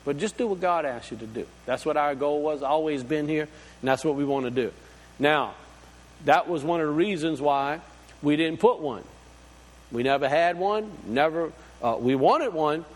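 A man's voice: on the high side, moderate pace, in a large hall. A man preaching a sermon, folksy and full of rhetorical questions. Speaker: pastor.

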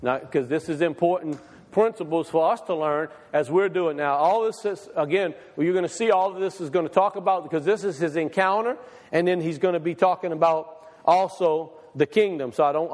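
A man's voice: on the high side, normal speed, a little mellow. A man preaching a sermon in a church hall, firing rhetorical questions at the congregation and reading scripture aloud. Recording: long reverb in a hall.

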